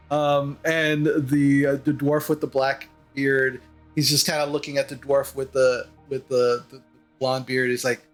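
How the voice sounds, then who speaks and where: A man narrating a tabletop game as game master, halting, with many fillers and restarts. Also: fairly high pitch, level tone, soft background music.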